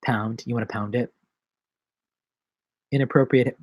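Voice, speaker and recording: A man's voice: on the high side, expressive, normal speed, dry recording. Joking, rambling man streaming live. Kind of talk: casual live-stream chat.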